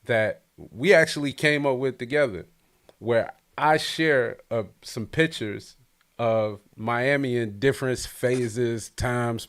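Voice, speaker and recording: A man from Detroit hosts a casual podcast, energetic and full of jokes. He often doubles up his words as he talks. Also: mid-range voice. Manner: energetic, joking, repeats words. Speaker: podcast host.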